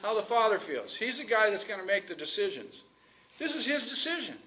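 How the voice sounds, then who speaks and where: A man with a high voice, big pitch swings, and a pushed, bright tone preaches a sermon conversationally, asking the congregation questions and slowing down to stretch out key phrases.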